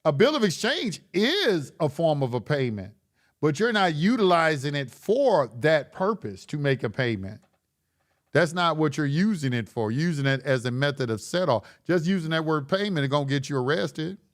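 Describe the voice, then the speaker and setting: A man's voice: on the high side, very animated, normal speed. A man hosting a live stream, reading chat questions and answering them in a blunt, lecturing way with casual slang, often repeating himself.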